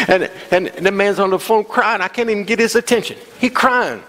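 High-voiced preaching man in a big hall. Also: normal speed, hardly any pauses, sharp tone. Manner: preaching with call-and-response exclamations. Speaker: pastor. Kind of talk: sermon. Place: church sanctuary.

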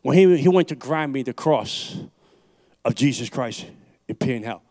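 An impassioned male evangelist from New York City gives his testimony at a church service, speaking into a handheld mic. He hammers home his points by repeating phrases and swings between loud urgent peaks and low, hushed stretches, at a middling pitch. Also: expressive, moderate pace. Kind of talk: preaching a personal testimony. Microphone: handheld microphone.

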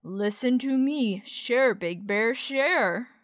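A woman's voice: fairly high pitch, slow, dry recording, clean studio sound. A woman voicing a wise old talking oak tree who speaks firmly and coaxingly.

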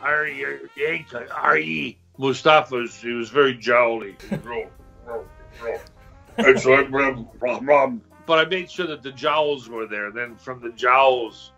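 An older man talks back through his career in an easy storytelling voice, now and then trying on little accents. His tone is bright and forceful, the sound a bit dull and lo-fi, with faint music underneath. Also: medium pitch, slow pace. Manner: relaxed storyteller who slips into accents. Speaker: voice actor guest. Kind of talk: interview anecdotes.

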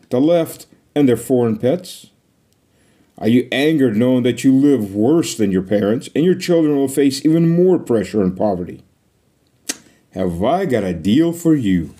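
Animated man reading rhetorical questions. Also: medium pitch. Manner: emphatic string of rhetorical questions. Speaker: guest documentary filmmaker. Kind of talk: delivering a prepared message.

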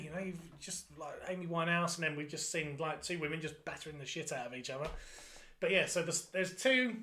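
Young man, function band drummer, lively and sweary anecdotes in a casual chat. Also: a little high. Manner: animated anecdotes, swearing, acting out voices.

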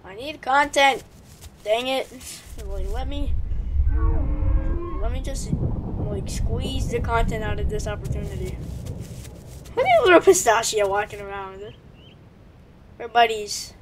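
Excitable high-voiced woman gamer. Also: unhurried, long pauses, slight background noise. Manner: excitable, shouts and laughs during action; slangy, calls others bro. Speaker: gaming channel host. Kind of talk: casual gameplay commentary.

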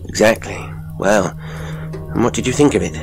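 A man voicing a high-strung professor in a high, sharp voice, pressing his questions insistently. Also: moderate pace, gravelly, faint music behind. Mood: agitated. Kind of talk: audiobook character voice.

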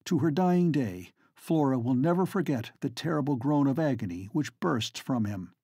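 A man narrating a novel as an audiobook in a measured, dramatic storytelling manner. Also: mid-range voice, animated, dark tone, breathy edge, no echo, clean studio sound. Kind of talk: scripted narration.

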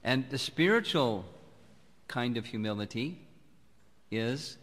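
A man giving a sermon as a spiritual teacher, speaking in a calm, measured, reflective way. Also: mid-range voice. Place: temple hall. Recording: long hall reverb.

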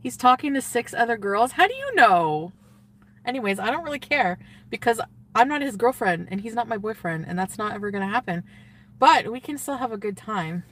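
A woman's voice: on the high side, sing-song, brisk, fairly bright tone. A woman streamer chatting casually, giddy and gushing, often trailing off and laughing. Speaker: livestreamer. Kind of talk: casual livestream chat.

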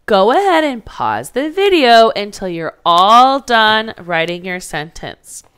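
A woman's voice: medium pitch, very animated, slow, hardly any pauses, a bit bright, clean tone. A woman teaching a phonics lesson to young children, patiently sounding out letters and words.

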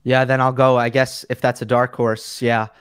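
A male guest talks tennis in an easygoing, halting way and keeps searching for the right word. His voice is mid-pitched and comes through dry, with no room echo. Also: level tone, clean tone. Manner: easygoing, hesitant with fillers and restarts. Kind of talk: casual chat.

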